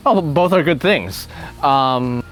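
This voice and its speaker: A man's voice: fairly high pitch, lively intonation, unhurried, a bit bright, faint music behind. A man hosting a casual chat, thinking aloud, often laughing, with restarts as he answers questions. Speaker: channel host answering questions.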